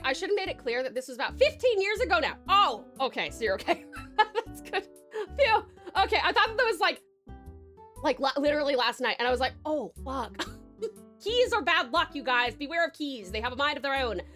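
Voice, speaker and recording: A woman's voice: high-pitched, sing-song, a little fast, pushed and bright, faint music behind. A young Australian woman chatting casually on a live stream, bubbly and giggly, rambling with lots of fillers.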